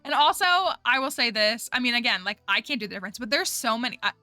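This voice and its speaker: A woman's voice: fairly high pitch, fast, sharp tone, no room sound. A woman streaming a game and chatting casually, rambling with lots of "like" fillers. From United States. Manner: rambling, heavy use of "like" fillers. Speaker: gaming streamer. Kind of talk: casual chat while playing a game. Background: game music.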